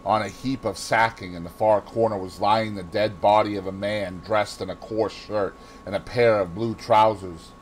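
A man with a Boston accent reading a classic novel aloud in expressive scripted narration. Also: fairly low pitch, moderate pace, hardly any pauses, a little hiss or hum, low-quality recording. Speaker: audiobook reader.

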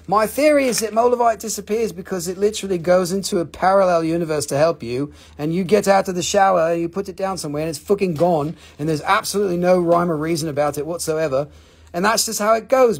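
A man's voice: high-pitched, fairly quick, slightly rough. A man hosting a live crystal sale, joking and swearing casually in loose, offhand phrasing. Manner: joking, profane, loose non-native phrasing.

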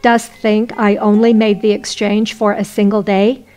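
A woman voicing a greedy, quick-tempered rich man in a folk tale, speaking in old-fashioned, scolding phrases. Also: mid-range voice, little pitch movement, a little mellow, faint music behind, lightly acted. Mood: angry scolding.

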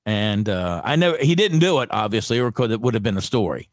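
A middle-aged radio personality telling stories in a relaxed interview, acting out the voices of people he quotes. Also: fairly low pitch, quick pace, dry recording, studio quality. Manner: animated, acts out quoted dialogue. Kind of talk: conversational storytelling.

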